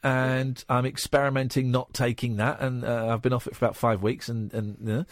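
A man's voice: medium pitch, level tone, no room sound. Bloke in his forties hosting a late radio phone-in, stop-start chatty, dead dry studio mic. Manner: casual, halting, frequent restarts. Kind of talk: late-night phone-in chat.

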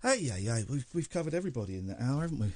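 A man's voice: mid-range voice, no room sound. A man hosting a late-night radio talk show, joking and chatting casually in a studio. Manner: animated, joking, quick asides. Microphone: studio mic.

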